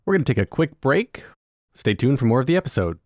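A man's voice: medium pitch, big pitch swings, fast, darkish tone, no echo, studio quality. A man in his thirties co-hosting a podcast, playful and self-deprecating in casual chat. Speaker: podcast co-host.

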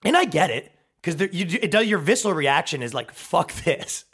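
A man in his thirties holds forth on his podcast in a heated, profane comic rant. His voice sits a bit high and swings widely in pitch. He keeps breaking into quick mocking impressions of other people. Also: big pitch swings, fairly bright tone, breathy edge. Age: 30s. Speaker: podcast host.

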